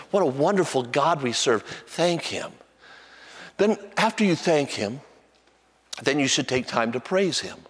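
A man preaching a sermon as pastor, animated and repeating himself with restarts, at times singing a hymn softly. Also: medium pitch, breathy edge, in a large hall. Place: church sanctuary with long reverb.

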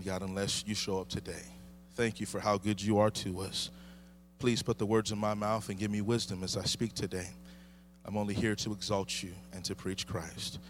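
A man's voice: fairly low pitch, slight background noise. A man in his thirties preaching a sermon, building intensity through repeated refrains. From United States. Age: 30s. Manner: impassioned preaching with rising emphasis and repeated refrains. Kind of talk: sermon with opening prayer.

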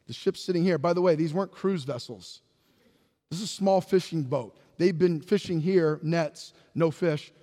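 A male pastor preaching a sermon to his congregation, reading scripture aloud and asking the room rhetorical questions, swinging between raised declarations and hushed asides. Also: high-pitched. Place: church sanctuary. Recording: long reverb of a large hall.

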